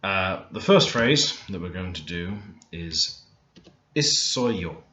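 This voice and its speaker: A man teaching beginner vocabulary in a relaxed, thinking-aloud way, often stopping to correct himself. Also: low-pitched, unhurried. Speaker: language learner teaching Korean. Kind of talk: screen-recorded language lesson. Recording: roomy, dull lo-fi screen recording.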